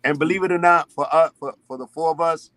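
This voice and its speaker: A man from Spanish Harlem, a podcast guest telling stories in a rambling, animated way with many restarts. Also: fairly high pitch, quick pace, dry recording. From Spanish Harlem, New York. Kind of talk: casual podcast chat. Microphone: remote call.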